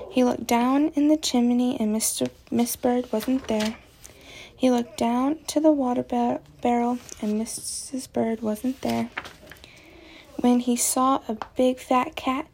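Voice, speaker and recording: A woman reading a children's story aloud in a slow, deliberate storybook cadence. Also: on the high side, creaky, warm tone, a little hiss or hum. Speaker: story reader.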